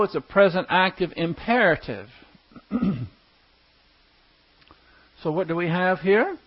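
A man leads a Bible study from the front of a church, his voice set high for a man. He talks conversationally and rises to emphatic stresses on the words that matter. The church live-stream sound is a little dull and muffled. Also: slow pace, pauses often. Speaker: pastor teaching a Bible study. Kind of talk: Bible teaching sermon.

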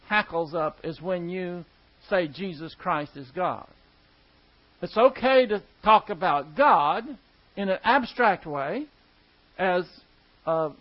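A preacher with a high voice works through a Bible passage word by word, speaking easily and conversationally while leaning hard on key words. The recording is dull and lo-fi.

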